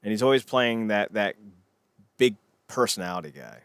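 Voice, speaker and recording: A man with a lowish voice talking casually on a podcast, rambling between points and swearing freely. He often trails off into quiet mumbles. The sound is dry and close. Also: lively intonation, moderate pace, smooth, no echo. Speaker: podcast co-host.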